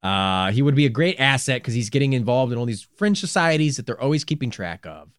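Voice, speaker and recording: A man's voice: medium pitch, sing-song, brisk, clean tone, no room sound, clean studio sound. A man co-hosting a podcast in casual, crude, joking chat, and laughing often. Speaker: podcast co-host.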